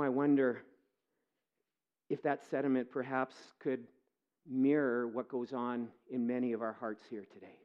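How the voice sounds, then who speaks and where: A man preaching a sermon as pastor, earnest, moving between quiet reflection and impassioned pleading. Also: sits high, lo-fi sound.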